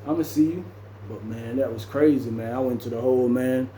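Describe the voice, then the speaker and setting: A man spins a lively story in a relaxed, mellow voice, acting out the people in it and adding sound effects as he goes. The room around him is echoey, with a faint hum of ambience underneath. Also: medium pitch, brisk. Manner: animated, acts out quotes and sound effects. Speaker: storyteller recounting his jail time. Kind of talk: casual storytelling.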